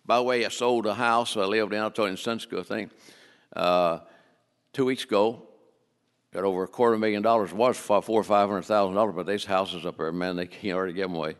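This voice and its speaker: Older man, guest preacher, low gravelly voice, folksy humor. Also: steady tone, fast, long reverb tail. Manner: folksy, joking, full of restarts. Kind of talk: sermon on giving. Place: church sanctuary.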